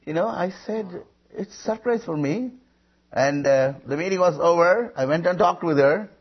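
A preacher man tells his testimony with a lively, swooping delivery. His voice is husky and sits a little high. The recording is dull and lo-fi. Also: moderate pace, pauses often. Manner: animated storytelling with calls to the congregation. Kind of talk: sermon testimony.

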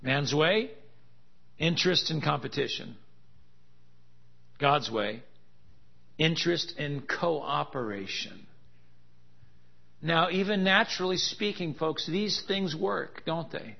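Slow-preaching man, muffled recording. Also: high-pitched, expressive, vocal fry. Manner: joking, laughing asides, rising to emphatic contrasts. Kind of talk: sermon. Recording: dull lo-fi sound.

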